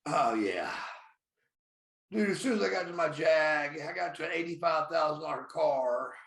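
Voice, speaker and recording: A former pro wrestler in his fifties tells blunt, profane stories in a podcast interview, referring to himself by his own name, and the room is echoey. His voice runs on the high side, creaky and slightly bright, with lively intonation at a moderate pace.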